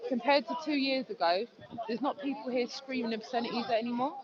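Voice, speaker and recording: A woman's voice: on the high side, fairly quick. A woman chatting outdoors into a handheld phone, effusive and casually swearing. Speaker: vlogger filming at a public speaking spot. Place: busy outdoor public park. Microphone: handheld phone camera. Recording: dull lo-fi phone audio, loud crowd.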